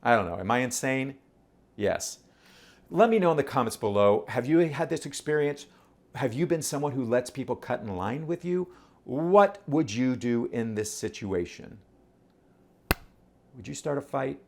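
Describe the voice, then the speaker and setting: A man talking casually to camera, animated and rhetorical, often throwing questions at his audience. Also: mid-range voice, normal speed. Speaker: vlogger.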